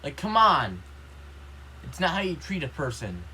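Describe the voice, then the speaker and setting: A man's voice: on the high side, very animated, measured pace, bright, forceful tone, breathy edge, poor audio. A man vlogging in a casual, rambling monologue, indignant and complaining, filling every line with "you know" and "like".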